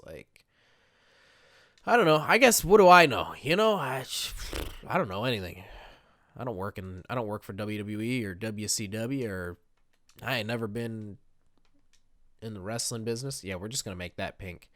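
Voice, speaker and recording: Rambling man with a lively, swooping voice. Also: lowish voice, normal speed, no echo, clean studio sound. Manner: rambling, chatty, self-mocking. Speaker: gaming video creator. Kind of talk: casual gameplay commentary.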